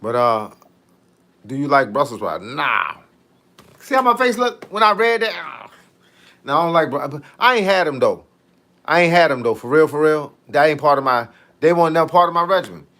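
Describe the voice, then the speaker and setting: A man with a fairly high voice chats loosely on a live stream, joking as he answers viewers. He talks in heavy slang with a laid-back, playful manner. He is a middle-aged fitness coach hosting his own show. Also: sing-song, normal speed, sharp tone. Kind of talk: casual live-stream chat, reading viewer comments.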